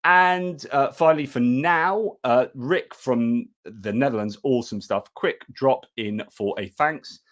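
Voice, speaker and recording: A man's voice: medium pitch, measured pace, few pauses, a bit bright. A middle-aged man hosting a casual live news stream, talking in a chatty way and breaking off to thank viewers. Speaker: livestream news host.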